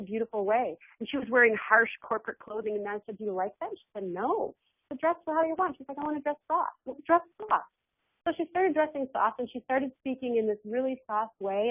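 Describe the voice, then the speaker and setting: A woman giving a webinar talk as an energy healer, animated and acting out the words of her clients. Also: fairly high pitch, no room sound. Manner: animated, acts out quoted clients. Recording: phone-like webinar audio.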